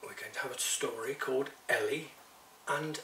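A man reading a children's story aloud in a lively, expressive way, talking to a few listeners by name. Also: mid-range voice, fairly quick, slight background noise.

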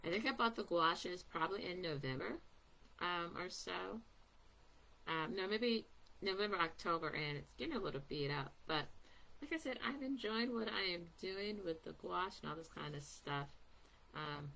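A woman's voice: fairly low pitch, lively intonation, normal speed, gravelly, bright, forceful tone. A woman giving a casual live painting demonstration, chatty and rambling with many ums, recorded at her table at home. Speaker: artist giving a painting demo.

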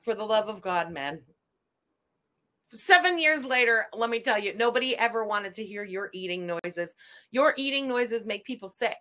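A woman's voice: a little high, animated, moderate pace, bright, forceful tone. A woman host giving sarcastic, disgusted reaction commentary over a video.

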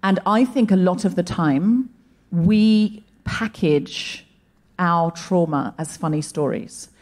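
A woman's voice: on the low side, slow pace, darkish tone. A woman co-host telling reflective stories to a live audience in a stand-up set. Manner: earnest, reflective storytelling. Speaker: co-host comedian. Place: comedy venue stage before a live audience.

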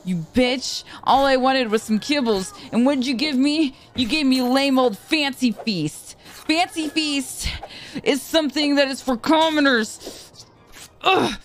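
A woman's voice: high-pitched, a little slow, slight background noise, voice pushed up. A woman voicing a spoiled, snobby pet cat that whines in a haughty way. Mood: indignant. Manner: whiny, haughty.

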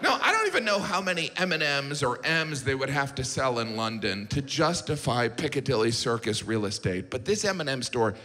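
A man's voice: mid-range voice, very animated, fairly quick, hardly any pauses, pushed and bright. A man doing stand-up comedy on stage, with a wry, incredulous and mock-outraged delivery. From United States. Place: stage before a laughing audience. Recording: live show with audience noise.

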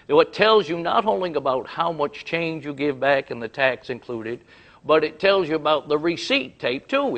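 A man telling comic stories in a folksy, chuckling way with rural turns of phrase. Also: medium pitch. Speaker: comedian and storyteller.

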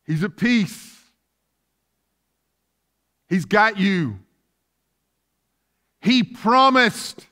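A man's voice: sits high, bright, forceful tone. A man preaching a sermon as pastor, asking fervent rhetorical questions.

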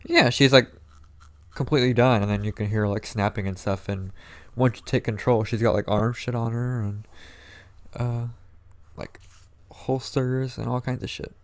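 A man's voice: mid-range voice, fairly even intonation, normal speed, long pauses, dry recording. A man co-hosting a gaming podcast in laid-back casual chat, with casual swearing. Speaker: podcast co-host.

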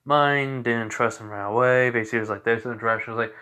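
A man's voice: medium pitch, fairly even intonation, fast talker, few pauses, sharp tone. Young guy retelling a fan story, rambly, lots of um and basically. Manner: rambling, many fillers and restarts.

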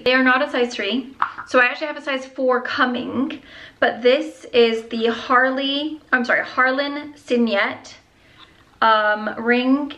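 A woman's voice: fairly high pitch, bright, forceful tone, rough recording. A young woman vlogging about her jewelry in a gushing, chatty way, with gasps and whispered asides. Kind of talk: casual chat.

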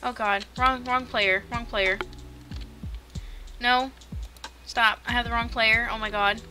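A young woman giving casual gameplay commentary, swearing and shouting in sudden panicked bursts. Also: a little high, steady tone, takes it slowly, long pauses. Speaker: gaming streamer. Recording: music playing under the voice. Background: background music.

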